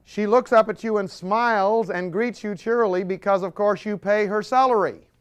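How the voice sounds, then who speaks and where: A man delivers a sermon with animated storytelling, acting out scenes as he goes. His voice is smooth and resonant and sits a little high for a man. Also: normal speed. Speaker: preacher.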